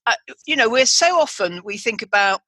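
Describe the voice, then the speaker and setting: A woman's voice: fairly high pitch, sing-song, moderate pace, bright, forceful tone, no room sound. A woman hosting a podcast in casual chat, rambling along with restarts and asides. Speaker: podcast host.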